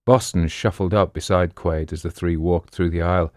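A man narrating an audiobook in a steady, even storytelling manner. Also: deep voice, moderate pace, hardly any pauses, no echo, studio quality.

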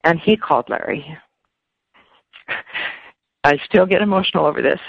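A woman speaking as an interview guest, emotional and halting, often repeating words. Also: sits low, vocal fry, husky, dry recording. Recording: dull lo-fi dry sound.

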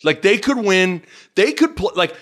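A man co-hosting a podcast, excitable, chatting casually about sports. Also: high-pitched, normal speed. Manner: excitable, laughs often, mimics radio calls. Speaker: podcast co-host.

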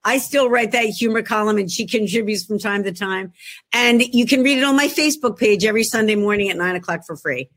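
A woman author with a Philadelphia accent, telling jokey, animated stories in a casual chat. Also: mid-range voice, a little fast. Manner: jokey, animated storyteller, talks to herself. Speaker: author guest.

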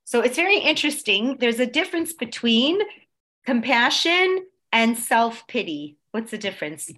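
A woman teaches a conversational religious class in a sing-song voice at normal speed, swinging between loud emphasis and soft, low tones. She keeps checking in with her listeners.

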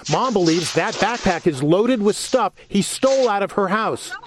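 A man's voice: high voice, lively intonation, normal speed, noisy background. A man narrating a tabloid news story in a punchy, playful scripted delivery. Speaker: news correspondent.

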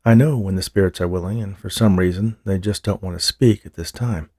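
A man voicing a calm, gentle psychic medium who speaks soothingly, in an audiobook. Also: low voice, a little fast, slightly rough, no room sound, clean studio sound. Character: calm, smooth-talking male psychic medium.

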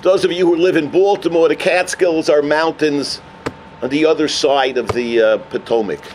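A man delivering a sermon as a rabbi. He tells a story with Yiddish and Hebrew terms and builds to emphatic, near-shouted points. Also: fairly high pitch, normal speed, a little hiss or hum. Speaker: rabbi giving a Torah talk.

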